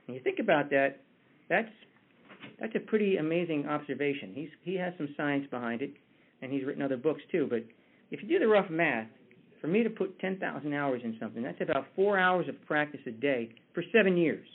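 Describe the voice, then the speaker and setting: A man's voice: a little high, expressive, brisk, slightly rough. A man giving a conversational motivational talk with a story, often restarting his words. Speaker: motivational speaker. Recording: tinny phone-like line.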